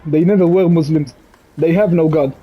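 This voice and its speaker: A young man from Israel talks to camera while crying, his voice high and husky as he stops and repeats himself. The recording is dull and lo-fi, with faint music underneath. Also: steady tone. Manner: halting, repeating words, frequent "man". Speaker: vlogger. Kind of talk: emotional direct-to-camera monologue.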